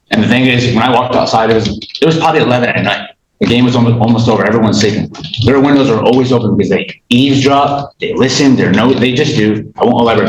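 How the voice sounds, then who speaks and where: A man's voice: on the low side, echoey room, slight background noise, poor audio. A man in his thirties testifying in a courtroom, agitated and rambling, restarting his sentences and acting out what others said. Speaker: litigant in small claims court.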